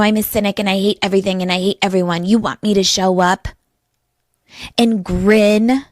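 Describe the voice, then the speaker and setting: A woman hosting her own podcast, delivering a cynical, deadpan monologue with biting sarcasm. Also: mid-range voice, no room sound, studio quality. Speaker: podcast host.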